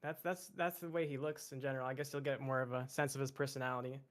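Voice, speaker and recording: Guy describing his character for a tabletop game, kinda halting, over voice chat. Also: medium pitch, level tone. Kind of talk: casual chat. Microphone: online voice chat mic.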